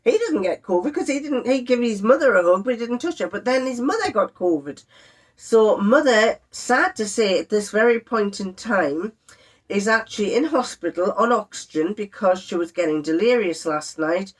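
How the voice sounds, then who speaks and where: A woman's voice: mid-range voice, normal speed. Chatty woman telling a story. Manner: chatty, exasperated, animated when quoting others. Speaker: sewing vlogger. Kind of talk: casual storytelling to camera.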